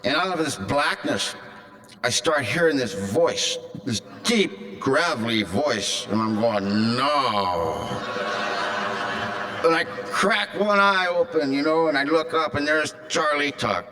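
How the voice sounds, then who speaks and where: A man's voice: fairly high pitch, animated, measured pace, sharp tone. A man in his fifties from California, speaking to a convention crowd and telling a raw, darkly funny personal story. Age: 50s. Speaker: recovery meeting speaker.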